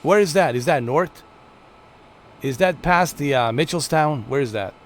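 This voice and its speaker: A man's voice: on the high side, expressive, normal speed. A man streaming a flight game, giving chatty, playful live commentary to his viewers. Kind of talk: casual gameplay commentary.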